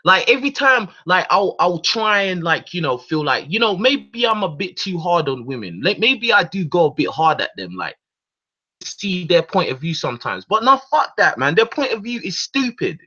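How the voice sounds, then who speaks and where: Sharp-toned, high-pitched and very animated, a radio host speaks at normal speed through a heated, profane rant. His monologue is full of restarts and repeated words, and the recording sounds dull and lo-fi.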